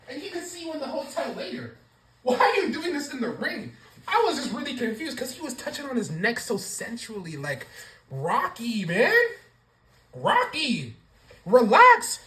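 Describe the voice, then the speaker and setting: A woman's voice: on the high side, normal speed, reverberant, poor audio. A woman giving a casual wrestling show review, ranting with lots of swearing. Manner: profane, animated ranting.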